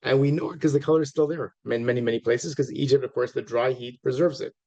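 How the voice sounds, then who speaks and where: A middle-aged man gives a relaxed, rambling lecture, often stopping to restart his sentences and turning to speak straight to his audience. His voice has a gravelly, creaky edge, and his pitch sits at an ordinary middle level for a man. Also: quick pace, muffled recording. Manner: conversational, many fillers and restarts, asides to audience. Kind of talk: informal lecture.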